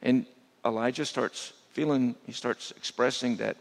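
A man preaching a sermon as a guest speaker, dropping to a hushed voice to make his points. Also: mid-range voice, steady tone, a little slow, creaky. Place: church sanctuary. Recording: long church hall reverb.

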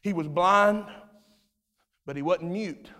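A male preacher delivering a dramatic sermon, swinging between hushed storytelling and loud shouts, recorded in a church sanctuary. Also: sits high, takes it slowly. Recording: reverberant church hall.

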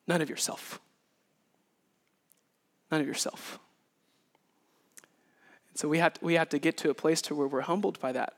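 Animated high-voiced preacher in a hall. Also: male voice, creaky. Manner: animated, acts out scenes with sound effects and voices. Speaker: pastor. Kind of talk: sermon. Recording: reverberant hall.

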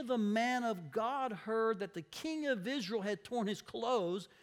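High-voiced man preaching conversationally. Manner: expressive, acts out the people in the story. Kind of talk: conversational sermon.

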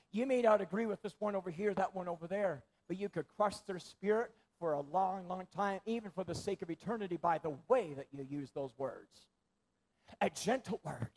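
A man preaching a sermon in a church, repeating phrases for emphasis and swinging between loud stress and near-whispers. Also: high-pitched.

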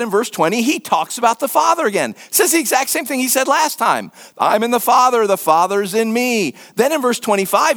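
A middle-aged man preaching a conversational sermon, animated and repetitive for emphasis. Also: very high voice. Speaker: pastor.

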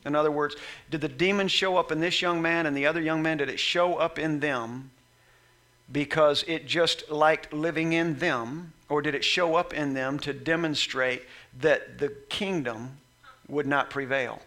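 High, bright-voiced preacher man. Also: steady tone, normal speed. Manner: acts out Bible scenes in voices, swings from soft reading to shouting. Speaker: pastor. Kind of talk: sermon.

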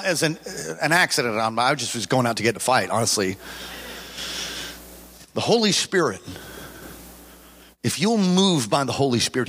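Bright, sharp-toned man in his forties preaching a lively sermon, animated storyteller. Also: fairly high pitch. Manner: animated storytelling, acting out scenes, preaching to a congregation. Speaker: pastor.

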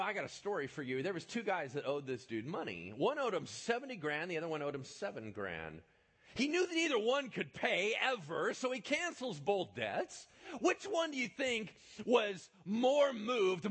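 A man preaching a sermon, retelling a Bible story with lively storytelling, dropping from loud bursts to hushed asides. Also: sits high, normal speed, husky.

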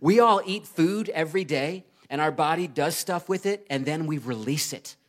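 A man in his thirties preaching a sermon, earnest and emphatic, rising to loud urgency and dropping low to read scripture. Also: animated, moderate pace. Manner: earnest and emphatic, swings between loud urgency and quiet reading. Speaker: pastor.

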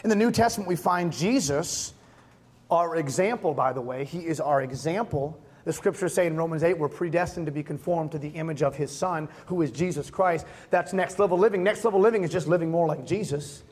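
A man's voice: fairly high pitch, brisk, a little mellow. A man in his thirties, a pastor, preaching a conversational sermon with emphatic repeated refrains. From Massachusetts.

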